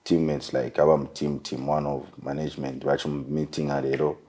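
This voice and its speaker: A man's voice: very deep voice, normal speed. A Zambian man, a musician guest, chatting loosely in an interview, switching between English and Bemba with lots of "you know". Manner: relaxed, loose phrasing with frequent "you know" and "like". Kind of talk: casual interview chat mixing English and Bemba.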